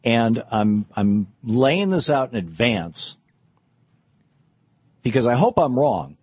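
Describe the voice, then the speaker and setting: Middle-aged guy rambling on his radio show, husky low voice, dry dull audio. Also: very animated, takes it slowly, no echo. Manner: rambling, with frequent restarts and fillers. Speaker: radio host. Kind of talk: talk radio monologue.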